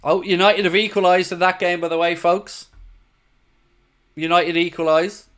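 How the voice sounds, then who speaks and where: A man's voice: high-pitched, level tone, normal speed, a bit bright, smooth. A young Irish man hosting a football watchalong stream, chatting casually and reading out viewer comments. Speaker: watchalong host.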